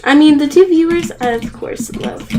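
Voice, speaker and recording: Young female streamer: high, unhurried voice, excitable outbursts, water noise behind. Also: rough recording. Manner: excitable, gasping and crying out at the game, then rambling. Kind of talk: live game stream commentary.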